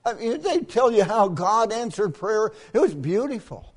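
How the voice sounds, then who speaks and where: An older man preaching a camp meeting sermon in a folksy storytelling manner, often clearing his throat. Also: high voice, very animated, moderate pace.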